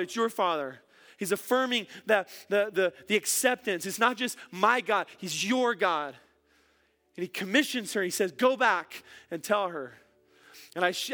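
A man preaching a sermon as a pastor, animated and emphatic, dropping soft at times and often repeating words. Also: high voice.

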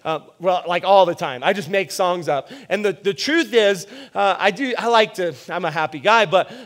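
A man's voice: high voice, normal speed, fairly bright tone. A man preaching a sermon as pastor, telling stories in a casual, self-deprecating way with frequent restarts. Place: church.

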